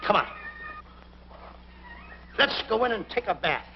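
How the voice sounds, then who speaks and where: An actor playing a childish, excitable, bumbling grown man in a 1940s film comedy, whiny, giggly and playful. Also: high voice, unhurried, background noise. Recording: dull 1940s film soundtrack with music.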